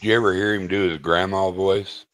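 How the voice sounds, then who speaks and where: A man in a casual group chat, excitable and swearing, jumping into loud, animated quotes. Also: deep voice, a little fast, a loud crowd.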